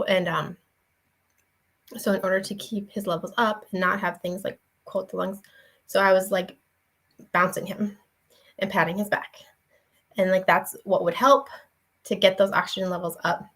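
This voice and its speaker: A woman's voice: mid-range voice, fairly even intonation, moderate pace, pauses often, a bit bright, poor audio. A young woman giving a casual devotional talk in an earnest, conversational way, with many fillers and restarts. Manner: earnest, shares personal story. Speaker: faith vlogger and parent.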